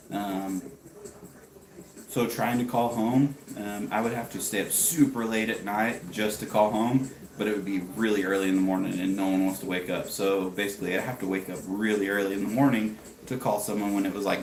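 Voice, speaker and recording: A man's voice: lowish voice, fairly even intonation, brisk, reverberant, low-quality recording. A man in his thirties from the United States, chatting casually with viewers on a livestream and greeting them by name. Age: 30s. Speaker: livestream host. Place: home garage.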